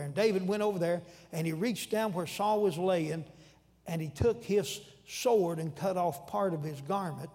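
A man with a very high voice preaches a sermon, retelling stories in a folksy, animated manner that jumps into loud shouts. His voice rings with a long reverb, as in a large church hall. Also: normal speed.

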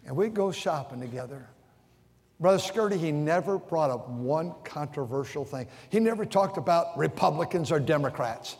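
With a fairly high, slightly mellow voice and lively intonation, a pastor preaches at a moderate pace in his church sanctuary. He brings his stories to life by acting out quotes, often restarting and repeating words, all under long hall reverb.

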